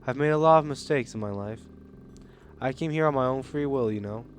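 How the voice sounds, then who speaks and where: A man voicing a frail elderly woman prisoner who talks softly and regretfully in a game. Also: medium pitch, a little fast, a little hiss or hum, natural voice. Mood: wistful. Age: older.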